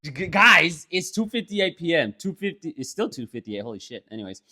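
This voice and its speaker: Young guy podcast cohost, swears constantly, super animated storytelling voice. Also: a little high, a little fast, slightly rough. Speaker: podcast co-host. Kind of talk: casual chat.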